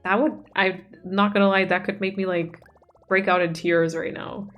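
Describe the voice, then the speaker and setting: A woman's voice: mid-range voice, flat delivery, moderate pace, lo-fi sound, soft background music. A woman streamer chatting casually as she plays, reading out chat messages and gushing over the game. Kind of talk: casual chat while gaming.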